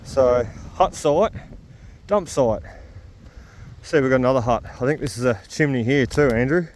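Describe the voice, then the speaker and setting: A man's voice: mid-range voice, moderate pace, a little hiss or hum. A man with an Australian accent, chatting casually to his camera as a metal detecting vlogger while out on a rainy hillside. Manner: chatty, laughs easily. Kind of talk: casual outdoor vlog narration.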